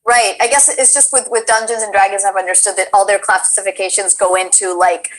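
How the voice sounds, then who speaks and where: A woman's voice: mid-range voice, fairly even intonation, fairly quick, poor audio. A woman asks questions over a video call. Her talk is eager and chatty, full of fillers. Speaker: interviewer. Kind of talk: casual video-call interview.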